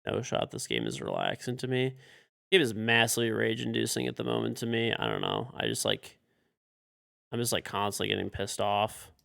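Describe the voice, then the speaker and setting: A man's voice: lowish voice, very animated, a little fast, gravelly, a bit bright. A man streaming a video game live, frustrated and swearing as he mutters to himself and talks to teammates. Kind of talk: live-stream commentary while playing.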